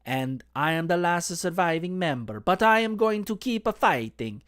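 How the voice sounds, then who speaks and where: A man's voice: high voice, expressive, moderate pace, fairly bright tone, smooth, dry recording, clean studio sound, voice pushed up. A man voicing Luigi, a somber male video-game plumber and lone survivor, in an overdone mock Italian accent. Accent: exaggerated mock Italian. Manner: cartoonish, overdone.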